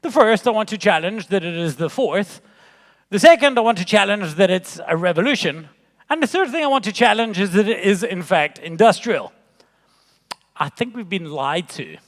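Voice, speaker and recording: A man in his forties giving a jokey, animated conference keynote into a stage mic, weaving in stories. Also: high voice, normal speed. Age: 40s. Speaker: keynote speaker. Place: large conference hall. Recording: long reverb in a conference hall.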